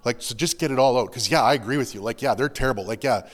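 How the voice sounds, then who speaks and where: A pastor giving an earnest, confessional sermon in a loose, conversational way, full of casual fillers. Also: male voice, mid-range voice, fast talker, big-room sound.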